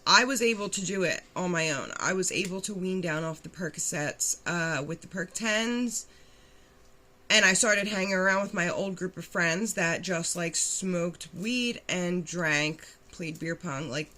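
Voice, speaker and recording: A young woman telling her own recovery story in a blunt, animated way, acting out quotes and swearing freely. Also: on the low side, unhurried. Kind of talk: candid storytelling.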